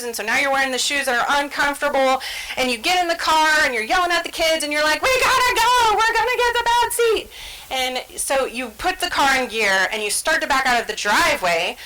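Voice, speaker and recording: A woman with a slightly high, bright, forceful voice gives an educational talk. She keeps it conversational, checking in with her listeners, and acts out everyday scenes by voicing people's inner thoughts. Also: fairly quick, low-quality recording. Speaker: trainer presenting on stress and the brain.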